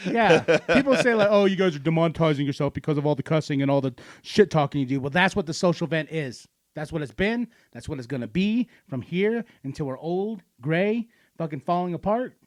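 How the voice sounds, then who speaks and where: A man's voice: a little high, expressive, a little fast, few pauses. A man co-hosting a casual podcast, telling profane stories and laughing as he goes. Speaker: podcast co-host. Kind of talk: casual storytelling chat.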